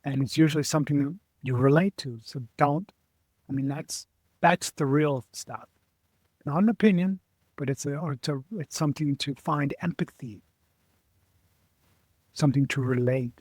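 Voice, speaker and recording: A middle-aged man, a guest on an interview show, telling stories in a lively way, acting out other people's voices and often restarting his sentences. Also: on the high side, dry recording. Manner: animated storyteller who acts out quoted voices, halting restarts. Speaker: guest, adventurer and author. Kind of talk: casual storytelling interview.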